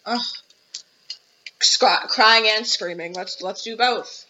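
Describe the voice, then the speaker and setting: With a mid-range voice that's slow, pushed and bright, this young podcast host vents her exasperation on a casual show. The audio has its highs cut off and a little hiss or hum. She sounds indignant as she reads out messages from the chat.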